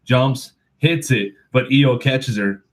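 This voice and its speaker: A man's voice: medium pitch, slow. A young man co-hosting a podcast, chatting casually and telling stories with animation. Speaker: podcast co-host. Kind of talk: casual chat.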